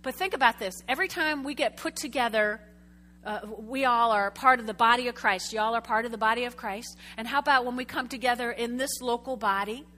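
Bright-voiced woman preaching, chatty. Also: on the high side, fairly quick. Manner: lively storytelling, chatty asides to the congregation. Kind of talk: sermon. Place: church sanctuary before a congregation.

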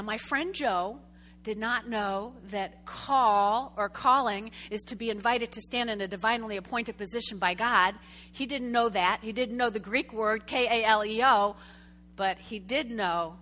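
A woman preaching a sermon to a congregation, telling a story with lively, chatty asides and questions to the room. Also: fairly high pitch, measured pace. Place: church sanctuary before a congregation.

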